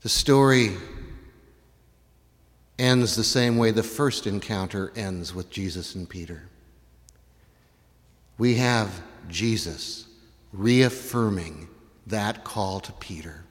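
A man preaching a sermon, retelling a story with animated, dramatic delivery. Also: on the low side, slow pace, long pauses. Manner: animated storytelling, acts out voices, rises to shouts. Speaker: pastor. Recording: long reverb in a large hall.

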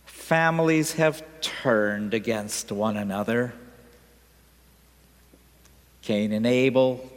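A man reading the gospel aloud and then preaching a homily at a church service, in a measured, deliberate delivery. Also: mid-range voice. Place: large church. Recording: reverberant church hall.

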